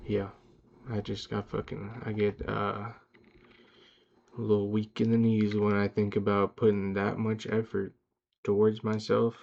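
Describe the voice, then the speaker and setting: A young man with a gravelly, low voice that stays flat and warm as he rambles. He swears freely and pumps himself up in a casual vlog monologue. The sound is dull and lo-fi, recorded in a car. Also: unhurried. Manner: rambling, profane, self-hyping. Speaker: vlogger.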